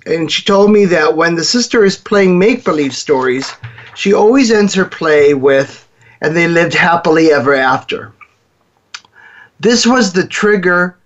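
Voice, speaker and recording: A man hosts a show and tells a long story, acting out the people in it. His voice sits a little high for a man. The recording sounds dull and lo-fi. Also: a bit bright. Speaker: host. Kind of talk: storytelling talk.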